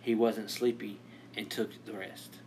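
A man's voice: fairly low pitch, little pitch movement, measured pace, darkish tone, slight background noise. A man co-hosting a casual comedy podcast, posing riddles and laughing often. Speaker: podcast co-host.

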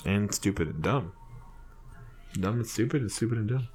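Lachender junger Podcast-Moderator. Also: male voice, fairly low pitch, lively intonation, moderate pace, darkish tone, a little hiss or hum. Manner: rambling, laughs through his storytelling, swears freely. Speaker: podcast co-host. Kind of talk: casual chat.

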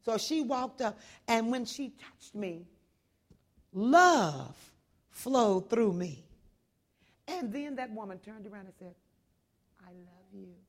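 A woman preaching a sermon, telling a story loudly, then dropping to a hush and rising again. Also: on the high side, moderate pace. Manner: loud, swings between hushed and shouting.

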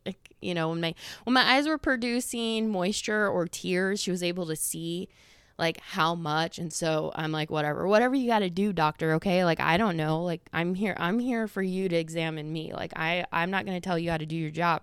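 A podcast host in her thirties delivers a casual, rambling monologue in a clear, resonant, lowish voice at a moderate pace. She's slightly out of breath and full of fillers and quoted asides, and the recording is dry and studio quality.

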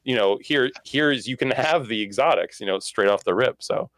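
Excitable man chatting about games. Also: medium pitch, moderate pace, dry recording. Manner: excitable, talks with lots of restarts and fillers. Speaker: podcast co-host. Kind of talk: casual gaming chat.

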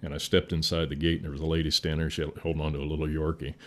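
With a bass voice that barely moves in pitch, this man talks rapid-fire in a fairly bright tone. He's a fire chief from the Midwest spinning a war story folksy-style, with the odd swear word and chuckle.

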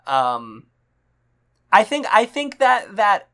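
A woman's voice: mid-range voice, very animated, takes it slowly, fairly bright tone. A young woman co-hosting a podcast, chatting casually about movies with lots of fillers and frequent laughter. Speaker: podcast co-host.

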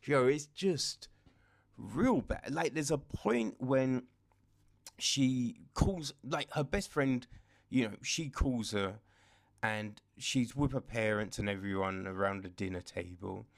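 A man with a gravelly, fry-heavy voice rants about a show in an unhurried drawl. He sounds exasperated and tired, rambling through fillers and curses as he goes. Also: medium pitch. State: tired, up in the small hours. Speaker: show reviewer. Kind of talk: casual rant.

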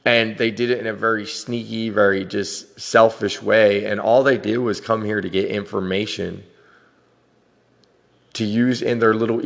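A man's voice: on the low side, gravelly, a bit bright, big-room sound. A man hosting a podcast, talking in a frank, profane, rambling personal monologue. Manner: frank and profane, with frequent laughs. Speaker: podcast host.

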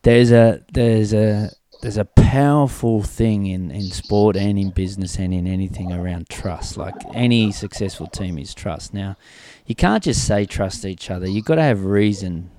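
A middle-aged man hosting a conversational interview, an animated storyteller who laughs often and talks in bursts. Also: lowish voice, moderate pace, hardly any pauses, slight background noise. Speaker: host and former team staff member.

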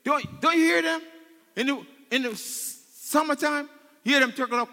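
A male pastor preaching a sermon, leading his congregation in call and response and swinging between loud shouts and hushed tones. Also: extremely high pitch, moderate pace, big-room sound. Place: church sanctuary.

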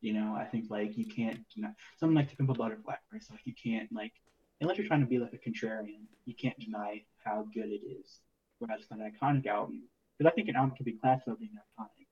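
A man's voice: lowish voice, fast talker, a little mellow, husky, highs cut off. A man co-hosting a casual music podcast, laid-back and rambling with lots of filler words. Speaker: podcast co-host. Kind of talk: casual chat.

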